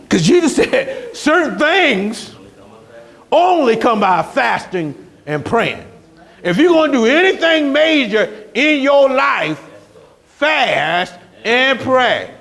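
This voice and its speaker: High-voiced, lively preaching pastor. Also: male voice, vocal fry. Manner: animated storytelling, rising to shouts. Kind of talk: sermon.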